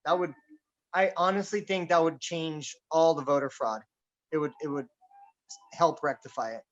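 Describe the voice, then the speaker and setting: A man hosting a casual political chat, talking in a boisterous, loud and animated way. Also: on the high side, normal speed. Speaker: podcast host. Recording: dull lo-fi recording.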